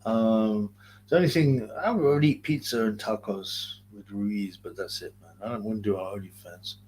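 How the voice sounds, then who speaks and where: A man's voice: lowish voice, moderate pace, darkish tone, a little hiss or hum. A man with a London accent hosting a casual livestream, rambling in slang and reading chat comments aloud. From Greater London. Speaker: livestream host.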